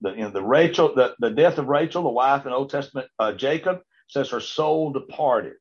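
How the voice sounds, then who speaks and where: Male Bible class teacher, husky voice of middling pitch, halting and repetitive delivery with frequent restarts, dull lo-fi recording. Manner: rambling with frequent stammered restarts and check-ins to the class.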